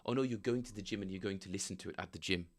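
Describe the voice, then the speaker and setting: A man's voice: deep voice, rapid-fire. A man casually chatting with viewers on a live stream, rambling and joking as he reads chat aloud. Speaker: bass player streaming practice.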